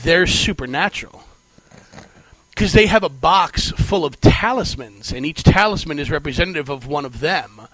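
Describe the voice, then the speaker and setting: Dry-voiced, slightly high man mocking a bad film. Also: normal speed, no room sound, low-quality recording. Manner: animated storyteller, mocking and incredulous. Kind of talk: casual comedic chat.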